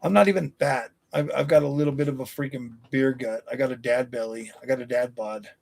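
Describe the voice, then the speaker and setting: Gravelly, combative man in his forties. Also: medium pitch, fairly quick, darkish tone. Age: 40s. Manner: blunt, combative, profane banter. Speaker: streamer. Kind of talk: live stream chat, answering viewers.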